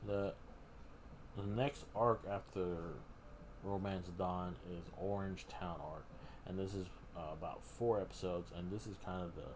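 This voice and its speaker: Man, very low voice, rambling casual recap, steady background noise. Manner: rambling, full of fillers and restarts. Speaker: streamer host. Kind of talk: casual live-stream recap.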